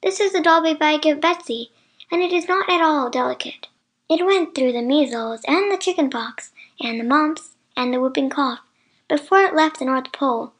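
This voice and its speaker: A woman's voice: high voice, normal speed, close to an everyday voice. A woman voicing Santa Claus, a jolly and kindly old man, in a storybook reading with hearty, commanding exclamations. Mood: brisk.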